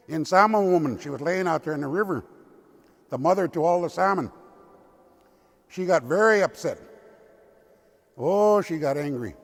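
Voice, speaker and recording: An older man from the Lummi Nation, a tribal elder telling a traditional story in a slow, deliberate way. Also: a little high, expressive, creaky. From Lummi Nation, Pacific Northwest. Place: cathedral. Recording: long cathedral reverb.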